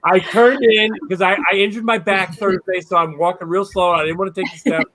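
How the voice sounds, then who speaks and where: A man co-hosting a podcast, telling stories in a lively way and acting out the dialogue. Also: sits high, fairly quick. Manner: lively storyteller, acts out dialogue. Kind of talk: casual storytelling.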